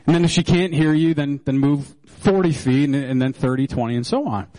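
A man's voice: fairly high pitch, a little fast, mellow, natural voice, poor audio. A man voicing a patient male doctor in a joke, rambling with many fillers. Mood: instructing. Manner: rambling, full of "you know".

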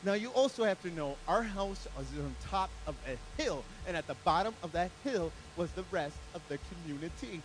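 A man's voice: high-pitched, lively intonation, normal speed, few pauses, poor audio. A man delivering a sermon as a guest speaker, telling a story animatedly and acting out characters.

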